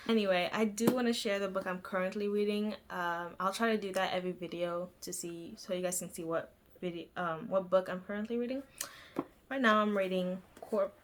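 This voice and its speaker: A woman's voice: medium pitch, brisk, a little hiss or hum. A young woman chatting casually about books she has read, rambling with lots of fillers, restarts and little stutters. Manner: rambling, filler-heavy, self-deprecating, stuttering. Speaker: book vlogger. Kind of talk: casual book review chat.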